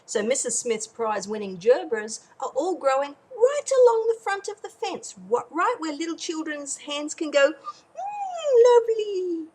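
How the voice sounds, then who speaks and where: Animated woman telling a teaching story. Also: sits high, normal speed, few pauses, rough recording. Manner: animated, acts out characters while narrating. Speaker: parenting educator. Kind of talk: storytelling lesson.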